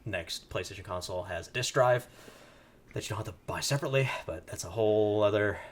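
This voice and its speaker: A man's voice: lowish voice, quick pace, a crowd in the background. A young man co-hosting a gaming podcast in casual chat, rambling with many fillers and restarts. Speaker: podcast co-host.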